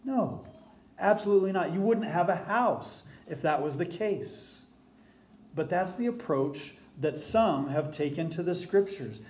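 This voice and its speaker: With a high, animated voice of darkish tone, a male pastor preaches from the pulpit. Emphatic and deliberate, he slows down to stress the key phrases.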